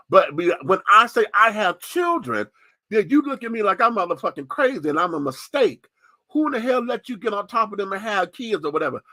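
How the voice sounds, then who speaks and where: A man's voice: sits high, sharp tone, no echo. A man hosting a radio show, giving a candid, profane, sassy opinion monologue with lots of emphasis.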